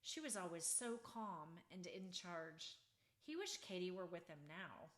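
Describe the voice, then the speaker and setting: Unhurried woman reading a storybook. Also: lowish voice, animated, a bit bright. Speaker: children's book author reading her book. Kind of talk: storybook read-aloud.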